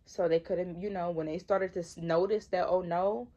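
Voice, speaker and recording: She's a Michigan woman in her twenties reading tarot in a loose, slangy way, repeating herself emphatically. Her voice sits on the low side with fairly even intonation, normal speed and a dark tone, and the audio sounds dull.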